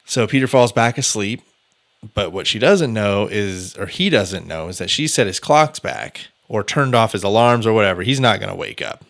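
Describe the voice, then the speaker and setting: A man's voice: lowish voice, expressive, normal speed, gravelly, a bit bright. A man hosting a podcast, casually retelling a true-crime case in a loose, chatty way with filler words and the odd curse. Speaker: podcast host.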